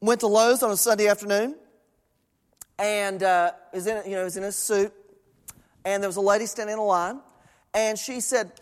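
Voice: medium pitch, moderate pace, pauses often. A pastor preaching a sermon to a congregation, emphatic and repeating phrases for stress. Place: large church sanctuary. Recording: long reverb of a church hall.

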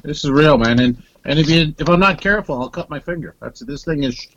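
A man's voice: a little high, lively intonation, fairly quick, a bit bright, dull audio. A man co-hosting a comedy podcast in casual chat, rambling and hesitant, acting out little exchanges. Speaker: podcast co-host.

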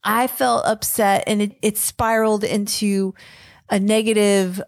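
A woman co-hosting a Christian marriage podcast, telling a story in a casual, animated way and acting out quoted lines. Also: medium pitch, measured pace, vocal fry, no room sound, clean studio sound. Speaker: podcast co-host.

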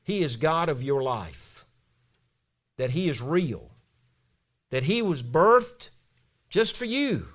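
A man's voice: fairly high pitch, very animated, takes it slowly, long pauses, a bit bright. A male pastor preaching a sermon, telling a story in a storytelling way and ending in a spoken prayer.

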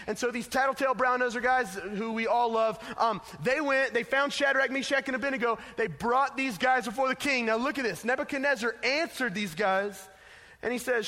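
A man's voice: very high-pitched, brisk, sharp tone. A man preaching a casual, emphatic sermon to teenagers as a youth pastor, telling a story, in an echoey hall.

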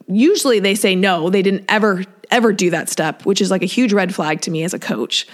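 This solo podcast features a female fitness coach whose voice is medium in pitch and fairly bright, at a moderate pace. Casual and upbeat, she cheers listeners on and frequently imitates her clients' words.

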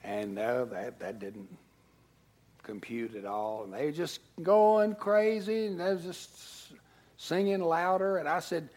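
Husky pastor telling a story. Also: male voice, on the high side, a little slow. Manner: storytelling, swings from hushed to loud. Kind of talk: sermon.

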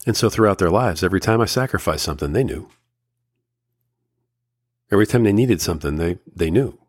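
A middle-aged man hosts a solo podcast about fatherhood, speaking earnestly and emotionally in slow, measured phrases that sometimes turn firm and lecturing. His voice is low-pitched and slightly rough with lively intonation, recorded without echo.

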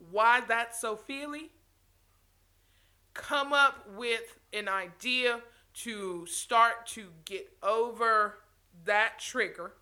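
A woman with a pushed, bright voice on the high side speaks passionately to her viewers in a motivational talk. She stops and restarts phrases and laughs now and then.

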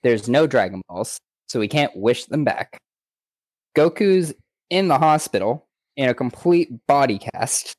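A man co-hosts a casual podcast, recapping episodes with lots of energy. His pitch swings widely as he talks. The sound is dry and close to the mic. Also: a little slow, no echo. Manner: animated, often drops into character quotes. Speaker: podcast co-host.

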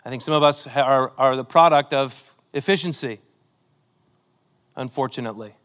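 A man's voice: mid-range voice, normal speed, a bit bright. A man preaching a sermon, earnest and emotional, reading scripture with a pleading, dramatic delivery. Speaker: pastor.

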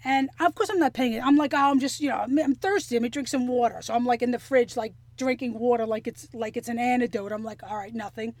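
A woman telling a story in casual chat, animated and profane, acting out the things people said. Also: on the high side, fast, hardly any pauses. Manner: animated, profane, acts out quotes.

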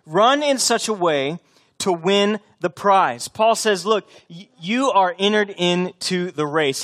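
An earnest man preaches to his congregation. His voice sits a little high, and he repeats key lines to drive them home. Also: fairly bright tone. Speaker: pastor. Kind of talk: sermon.

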